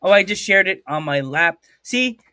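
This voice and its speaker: A man's voice: high-pitched, expressive, moderate pace, bright, forceful tone, dry recording, studio quality. A man hosting a live-streamed interview show over a video call, rambling and joking at his own expense. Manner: rambling, jokey, self-mocking. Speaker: podcast host.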